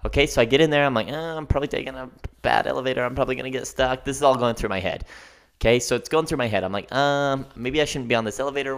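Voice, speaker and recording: A young man hosting a podcast, telling a story in an animated, ranting monologue and often asking "okay?". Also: medium pitch. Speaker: podcast host.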